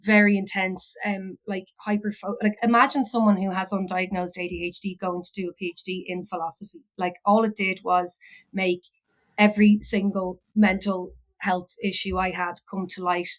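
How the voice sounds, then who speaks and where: A woman's voice: mid-range voice, little pitch movement, moderate pace, rough recording. An Irish woman, a philosophy educator, telling a personal story in a rambling way, full of fillers and restarts. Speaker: podcast guest, philosophy educator.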